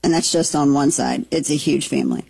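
Talk-show woman from Southern Missouri, forties, husky, dry studio sound, animated storyteller. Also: sits low, brisk, dry recording. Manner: animated storyteller, laughs easily. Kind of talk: casual chat, storytelling.

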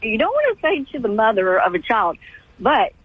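A middle-aged woman calling in to a radio show, telling a family story in halting, restarting sentences. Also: fairly high pitch, very animated, crowd noise. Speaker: caller. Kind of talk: call-in radio conversation. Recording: tinny phone line, dry.

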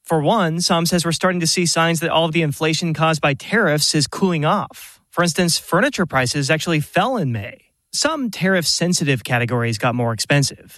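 A man reporting for radio news, reading a scripted economics story in an even, explanatory way. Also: on the high side, dry recording.

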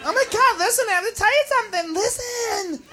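A man doing a loud, crude, drunk young woman on a girls' night out, yelling over the crowd. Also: very high-pitched, lively intonation, moderate pace, a little hiss or hum, voice pushed up, full character voice. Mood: gushing.

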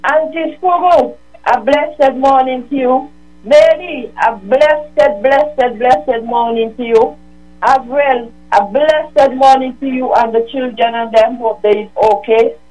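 A woman calls in on a phone line with a low mains hum behind her. She strings out sing-song blessings and reads scripture in a slow, solemn way. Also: darkish tone. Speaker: caller. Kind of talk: phone-in greetings and scripture reading.

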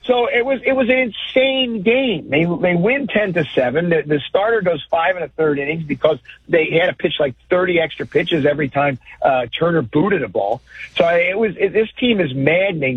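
Blunt, animated male sports guest on a phone line, slightly husky. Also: fairly high pitch, moderate pace, dry recording. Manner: blunt, animated, mocking impressions. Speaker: guest commentator. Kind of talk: sports talk.

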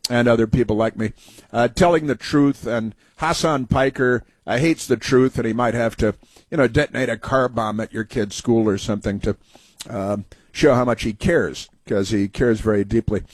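A male talk radio host rambles through political commentary with a sneering, sarcastic edge. His voice sits at an everyday middle pitch. The sound is dry and close, with no room around it. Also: normal speed, dry recording.

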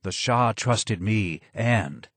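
A man voicing a broken, maimed older man who was once a royal advisor, speaking low and hoarse, slow and subdued with a sad tone. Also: lively intonation, a bit bright, dry recording, full character voice. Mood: sad, grim.

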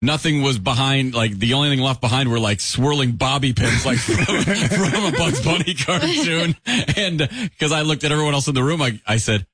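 A man's voice: mid-range voice, expressive, normal speed, a bit bright, breathy edge, dry recording. A man co-hosting a radio show, chatting casually in the studio and telling a story with many restarts and laughs.

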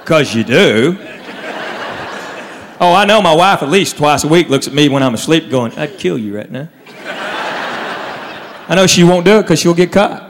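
Storytelling man with a higher voice. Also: moderate pace, in a large hall, slight background noise. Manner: Southern storytelling, animated impressions. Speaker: stand-up comedian. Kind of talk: stand-up comedy set.

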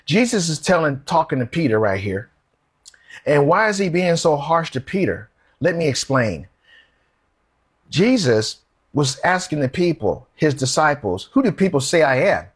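Husky guy preaching, chatty sermon, asks the crowd questions. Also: a little high, sing-song, unhurried. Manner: conversational preaching with emphatic questions.

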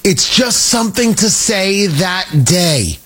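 A man's voice: high voice, sing-song, fairly bright tone, breathy edge, soft background music. A man hosting a political talk radio show, delivering an emphatic, combative monologue. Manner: combative, emphatic, rapid asides.

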